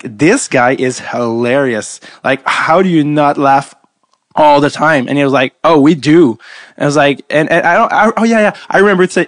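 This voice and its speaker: A man's voice: on the high side, a bit bright, no room sound. A man hosting a casual podcast interview, telling stories in a rambling way full of filler words. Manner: rambling storyteller, heavy use of filler words. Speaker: podcast host.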